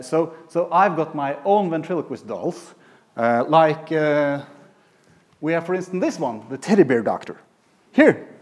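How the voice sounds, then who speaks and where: Chuckling, halting male pediatric radiologist. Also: medium pitch. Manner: halting, many fillers and restarts, chuckling asides. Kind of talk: lecture with anecdotes.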